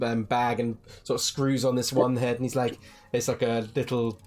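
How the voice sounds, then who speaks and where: Low-voiced woman narrating a tabletop game. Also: level tone, moderate pace, a little mellow, soft background music. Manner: casual, lots of fillers and restarts, laughs while describing. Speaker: dungeon master.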